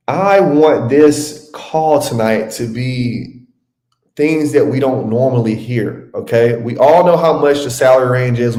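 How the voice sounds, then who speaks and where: Man, live webinar host, casual teaching, calls out viewers by name, mid pitch, roomy echo. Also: a little mellow. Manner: chatty, addresses viewers by name, says y'all. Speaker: webinar host and adjusting mentor. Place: home room. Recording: roomy live-stream audio.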